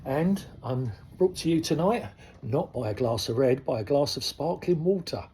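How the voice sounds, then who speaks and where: A man's voice: on the high side, lively intonation, normal speed, slight background noise. A man in his sixties, a koi dealer, speaking frankly and casually to his viewers, rambling through asides. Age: 60s. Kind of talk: casual talk to camera. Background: soft soul music.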